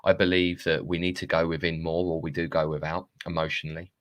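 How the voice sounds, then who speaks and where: Low-voiced rambling man on a phone live stream. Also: flat delivery, quick pace. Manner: rambling, chatty, swears, laughs at himself. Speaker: live-streaming self-help coach. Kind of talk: casual live-stream monologue.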